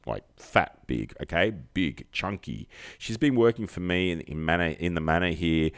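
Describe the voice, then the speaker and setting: A man's voice: low voice, moderate pace, no room sound. A man hosting a livestream, rambling through a comic monologue with self-mocking jokey asides. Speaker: livestream comedy host.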